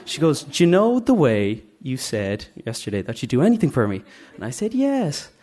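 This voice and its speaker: A man's voice: medium pitch, sing-song, brisk, darkish tone. Chatty Dublin man telling a story onstage. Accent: Dublin Irish. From Dublin, Ireland. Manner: chatty, self-mocking, acts out voices. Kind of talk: live comic storytelling. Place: stage at a live story night.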